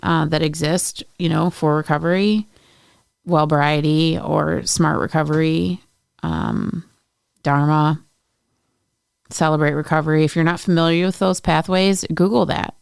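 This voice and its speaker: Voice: medium pitch, steady tone, measured pace, vocal fry, smooth, no echo, clean studio sound. A podcast co-host talking in a supportive, conversational way. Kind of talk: casual chat.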